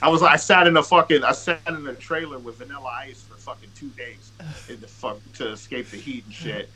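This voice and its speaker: A man's voice: medium pitch, brisk, sharp tone, a little hiss or hum, low-quality recording. A man, a rapper guesting on a podcast, telling long profane anecdotes in casual conversation, restarting sentences and acting out what others said. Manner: profane, rambling anecdotes with quoted dialogue; restarts and filler-heavy delivery. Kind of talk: casual storytelling.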